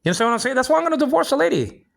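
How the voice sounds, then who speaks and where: A man's voice: very high-pitched, sing-song, racing, vocal fry, noisy background. Older man ranting with stammered restarts. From Philippines. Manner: repetitive, stammering restarts, heated. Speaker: vlog host. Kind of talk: rambling personal monologue.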